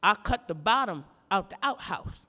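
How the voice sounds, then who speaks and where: With a sharp, expressive, mid-range voice at a moderate pace, a woman reenacts a stand-up bit in an art museum performance space. Her profane story unfolds through drawling, rhythmic asides, and the large hall adds its echo.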